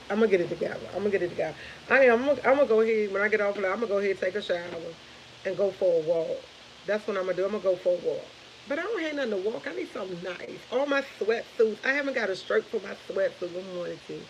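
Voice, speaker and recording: A woman's voice: mid-range voice, animated, a little fast, slight background noise, low-quality recording. A woman, in her thirties, chatting casually and rambling to viewers of her morning live stream, laughing often.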